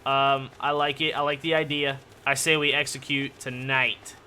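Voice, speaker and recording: A man's voice: medium pitch, level tone, normal speed, bright, forceful tone, a little hiss or hum. A man giving casual, joking gaming commentary, rambling and yelping when startled. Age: adult. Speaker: gaming YouTuber.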